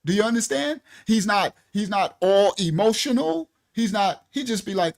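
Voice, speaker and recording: Casting note: ministry host, male, casual and animated teaching talk, with a lively, upward-swinging delivery. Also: high-pitched, normal speed, few pauses. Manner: animated, repeats "right?" and "listen clearly", colloquial.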